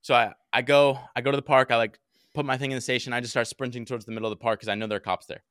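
Brief: young male podcast co-host, bright forceful voice, dry close sound, animated casual storyteller who swears a lot. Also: mid-range voice, rapid-fire, clean tone, no room sound. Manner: animated, swears often, acts out quotes.

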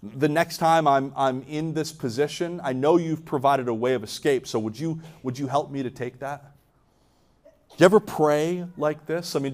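An earnest man preaching to his congregation, his voice sitting a little above the usual male range. He often stumbles and repeats words as he restarts a thought, and keeps asking the listeners direct questions. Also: on the high side. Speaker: pastor. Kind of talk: sermon.

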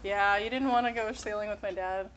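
A woman's voice: medium pitch, fairly even intonation, a little fast, a bit bright, dull audio, slight background noise. A woman in casual chat, easygoing and giggly, who makes dry little quips.

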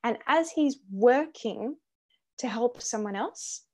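Woman, higher pitch, soft dark tone, eager talker sharing a quote. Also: animated, slow pace. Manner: enthusiastic, repeats words, reads a quote aloud. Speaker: Christian ministry guest or host. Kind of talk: casual conversation on faith.

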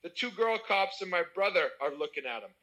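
A young American man telling a wild party story in casual chat, animated and swearing. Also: sits high, fairly quick, highs cut off. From United States.

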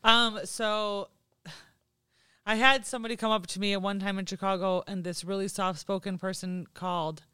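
A woman's voice: mid-range voice, moderate pace, clear, resonant tone, no echo, clean studio sound. A woman guest telling an anecdote in a casual interview, laughing and acting out the voices of others. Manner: lively, laughing, acts out quotes. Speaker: guest, business owner.

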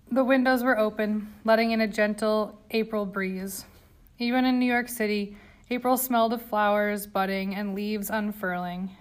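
A woman narrating an audiobook in a calm, even way. Her voice sits at an ordinary middle pitch. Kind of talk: scripted narration.

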